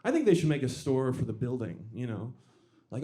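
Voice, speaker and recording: A young male comedian performs a stand-up set in a comedy club, speaking into a stage mic. His voice is dark and mellow at a middle pitch, and his delivery is dry and halting, full of small restarts and self-deprecating asides. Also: very animated.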